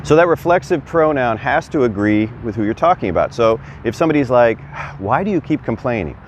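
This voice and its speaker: A man's voice: mid-range voice, expressive, a little fast, lo-fi sound, slight background noise. A man giving a casual, chatty video lesson as a Spanish teacher, quizzing the viewer and encouraging them. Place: outdoors. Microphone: camera on a stand.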